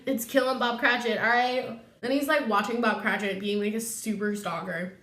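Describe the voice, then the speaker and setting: A woman's voice: a little high, steady tone, normal speed, fairly bright tone, roomy sound. A young woman vlogger in her twenties giving a tipsy comedic retelling, full of slang, swearing and laughs.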